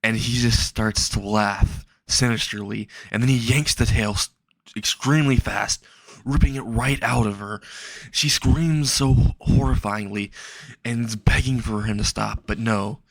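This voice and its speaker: A young man narrating a dark fan fiction story in a slow, halting way. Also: fairly even intonation, dry recording, clean studio sound. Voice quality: low, gravelly voice.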